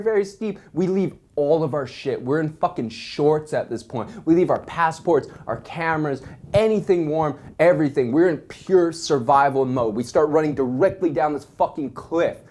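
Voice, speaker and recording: A young man telling a wild story in a casual, animated way, swearing constantly. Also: a little high, moderate pace.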